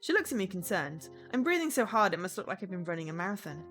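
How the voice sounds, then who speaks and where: A young adult woman streaming a visual novel, reading the story aloud in an expressive, dramatic first-person voice. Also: medium pitch, quick pace, soft background music, poor audio.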